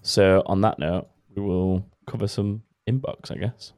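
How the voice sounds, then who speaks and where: A man hosting a podcast in casual chat, relaxed and rambling with fillers. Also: sits low, measured pace, no room sound. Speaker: podcast host.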